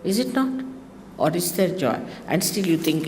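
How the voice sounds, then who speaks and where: A woman, giving a spiritual talk to her followers in a lively, teasing manner with mocking asides. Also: fairly low pitch, moderate pace, slight background noise. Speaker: spiritual teacher. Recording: long reverb of a hall, faint ambience.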